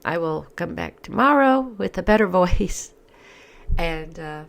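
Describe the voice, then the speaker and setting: Hoarse, slow, gravelly-voiced woman. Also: lowish voice, expressive. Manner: halting, many fillers and restarts. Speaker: Orthodox Christian commentary vlogger. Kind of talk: casual spoken commentary.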